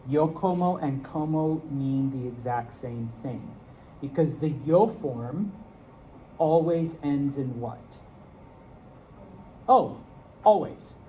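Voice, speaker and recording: A man's voice: fairly high pitch, mellow, a little hiss or hum, poor audio. A man teaching a Spanish class, checking in with "okay?" after each point. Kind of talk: classroom lesson.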